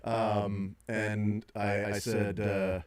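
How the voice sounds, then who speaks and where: A man's voice: on the low side, flat delivery, drawn-out words. A middle-aged man hosting sports talk radio, rambling through his points with many fillers and restarts.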